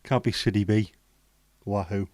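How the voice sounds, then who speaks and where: A man's voice: lowish voice, fairly even intonation, normal speed, mellow, no echo. A man from England hosting a livestream, reading out the chat with blunt, sweary banter. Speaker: livestream host. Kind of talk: casual live chat reading the chat.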